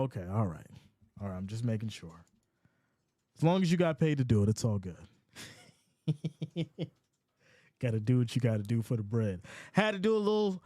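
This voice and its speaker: A man hosting a casual live sports reaction stream, reading chat comments aloud in a playful, animated way. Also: on the high side, no room sound, clean studio sound. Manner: animated and playful, often laughs.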